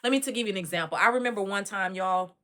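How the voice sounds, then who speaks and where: A middle-aged woman from Dallas with a Texan accent, giving a casual commentary and telling animated stories straight to her listeners. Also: medium pitch, racing. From Dallas, Texas. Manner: animated storytelling, addresses listeners directly. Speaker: commentary host.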